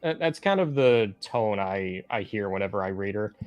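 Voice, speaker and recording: A man co-reviewing comics in casual chat, speaking in a measured, thoughtful, analytical way. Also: on the low side, expressive, darkish tone, no room sound, faint music behind.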